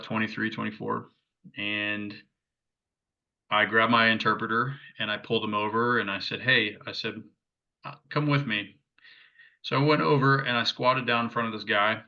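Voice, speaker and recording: A man's voice: fairly low pitch, vocal fry, pushed and bright. A man in his thirties, a podcast co-host, telling a story in a rambling, reflective way with lots of fillers and restarts. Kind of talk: casual storytelling chat. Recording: dull lo-fi audio.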